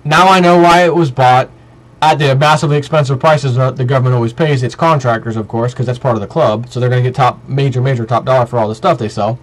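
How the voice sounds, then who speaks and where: A man's voice: medium pitch, steady tone, fast, poor audio. A man vlogging in a heated monologue, ranting emphatically and piling up repetitive lists.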